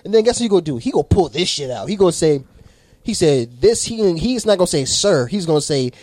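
A man telling a story in casual chat, animated and swearing, acting out the people in it. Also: a little high, fast, no room sound. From South Carolina. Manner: animated, swearing, mimics people in his stories.

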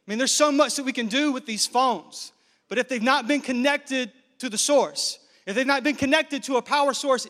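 A man in his thirties from Nigeria, a pastor preaching a lively, joking sermon to a live congregation. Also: extremely high pitch. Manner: lively, joking, engages the crowd. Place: large hall with live congregation. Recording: reverberant church hall.

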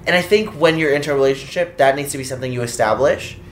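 A co-host in casual chat, calmly explaining views on relationships. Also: medium pitch, very fast, a little hiss or hum.

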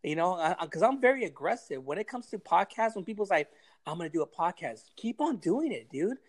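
A man's voice: high voice, very animated, fairly quick. Blunt, profane man giving advice. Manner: blunt, profane, emphatic pep talk. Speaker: podcast guest giving advice. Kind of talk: casual podcast chat.

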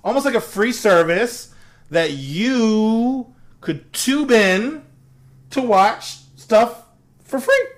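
A man's voice: sits high, very slow. A man in his forties chatting casually, animatedly acting out quoted voices while telling stories. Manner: animated storyteller, acts out voices of others. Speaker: podcast co-host. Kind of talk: casual chat.

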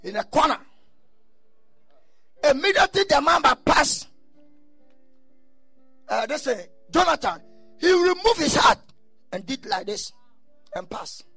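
A man preaching a sermon, telling stories and breaking into shouted bursts. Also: very high voice, sing-song, unhurried, creaky, pauses often, no room sound, faint music behind. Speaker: pastor.

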